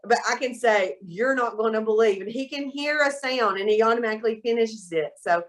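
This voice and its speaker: A middle-aged woman, chatting as an interview guest and telling lively stories. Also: on the high side, fairly quick. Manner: animated storyteller, quotes people in voices. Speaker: guest, soap maker. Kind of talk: casual interview chat.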